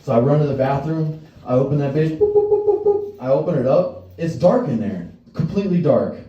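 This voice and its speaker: A man's voice: on the high side, lively intonation, fairly quick, highs cut off. Profane young man telling stand-up stories. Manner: crude, profane storytelling with acted-out voices. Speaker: stand-up comedian. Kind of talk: stand-up set. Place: comedy stage before a live audience. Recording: distant, roomy live stage sound.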